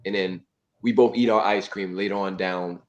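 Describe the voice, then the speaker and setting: A man's voice: deep voice, steady tone, normal speed, highs cut off. A man hosting a casual relationship talk show, playful and acting out examples. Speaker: host and relationship author. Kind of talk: casual podcast chat.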